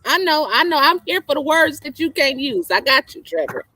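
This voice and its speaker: A woman's voice: sits high, sing-song, brisk, sharp tone, no echo. A female co-host in casual chat, sassy and teasing, laughing often.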